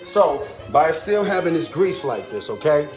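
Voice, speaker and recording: A man hosting a casual cooking demonstration in a home kitchen, lively and chatty, often laughing and repeating a catchphrase. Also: fairly high pitch, unhurried. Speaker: home cook and video host. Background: music playing under the voice.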